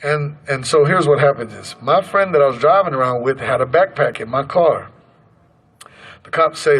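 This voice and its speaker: A man's voice: medium pitch, expressive, normal speed, fairly bright tone, slightly rough, poor audio. A man in his thirties from Colorado, telling his personal story in an earnest, conversational way and acting out the lines of others. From Colorado, USA. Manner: earnest, conversational, acts out quoted dialogue. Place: protest gathering outdoors.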